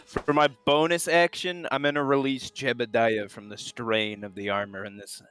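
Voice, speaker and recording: A man playing a tabletop game, calmly declaring his character's actions. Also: medium pitch, moderate pace, clear, resonant tone. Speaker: player.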